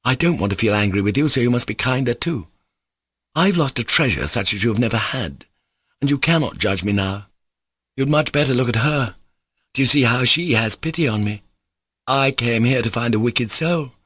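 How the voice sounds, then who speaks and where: A man reading an audiobook voices a gentle young novice monk who speaks in a firm, earnest way. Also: medium pitch, animated, moderate pace, slightly rough, no room sound, clean studio sound, pitched above the performer's own voice.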